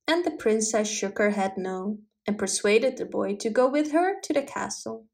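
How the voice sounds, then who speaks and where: A woman reading a fairy tale aloud with clear, steady storybook narration. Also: medium pitch, moderate pace, few pauses.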